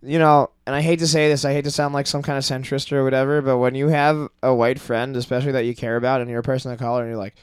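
Animated ranting man, smooth clear voice. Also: mid-range voice, fast, hardly any pauses, dry recording, studio quality. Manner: animated, ranting, swears freely. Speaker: podcast guest. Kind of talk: casual podcast chat.

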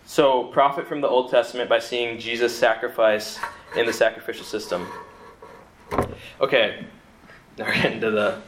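A man's voice: mid-range voice, fairly even intonation, normal speed, pauses often, a bit bright, slight background noise. Young man giving a casual sermon in an echoey room. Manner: conversational, frequent "like" and repeated restarts. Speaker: seminary student giving a talk. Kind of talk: casual sermon talk with scripture reading. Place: room with a group of listeners. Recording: roomy echo.

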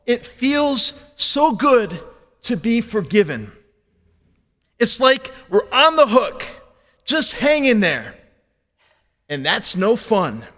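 A male priest reading the Gospel and then preaching a homily, speaking slowly and expressively with rhetorical questions, in a large church. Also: high voice, a bit bright. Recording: long church reverb.

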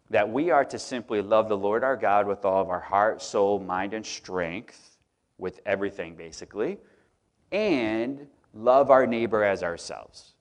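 A relaxed man giving a sermon in a church, chatty and joking with the people in front of him. His voice sits low and easygoing. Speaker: pastor. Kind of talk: casual sermon. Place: church auditorium.

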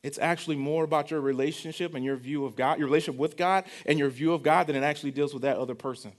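A man's voice: a little high, steady tone, quick pace. A young adult man, preaching a sermon in a conversational style, repeating phrases and asking the congregation questions. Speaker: pastor.

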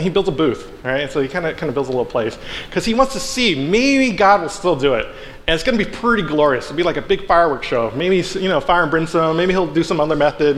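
Casual preacher in a reverberant hall. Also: male voice, a little high. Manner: animated storytelling, acts out characters with playful asides. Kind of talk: casual sermon. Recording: long hall reverb, faint background noise.

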